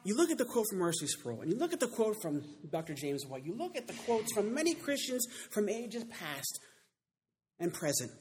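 A male preacher with a husky, slightly rough voice that sits high for a man and swoops widely in pitch. He drives his sermon forward emphatically, dragging out key words and swelling to loud peaks. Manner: emphatic, builds to loud climaxes, slows to stress key words.

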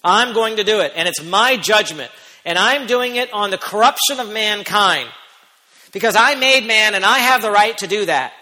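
A man preaching a sermon as pastor, who speaks emphatically and rises to near-shouts on key points. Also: high voice, normal speed, big-room sound.

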